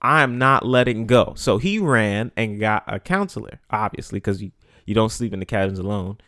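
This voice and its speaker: A man's voice: lowish voice, normal speed, bright, forceful tone, dry recording, studio quality. A young adult man hosting a podcast, telling a story in a loose, slangy way and repeating phrases for emphasis. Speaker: podcast host. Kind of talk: casual storytelling.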